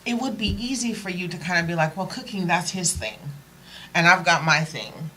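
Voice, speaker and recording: Woman talk show host, low voice, encouraging interviewer, faint noise behind. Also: animated, normal speed, bright, forceful tone, rough recording.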